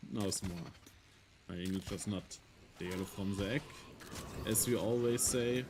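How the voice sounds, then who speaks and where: German-accented male streamer, slightly low voice, rambling self-amused chatter over a clear noise bed. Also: normal speed. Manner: rambling, joking to himself. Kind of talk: casual solo stream chatter.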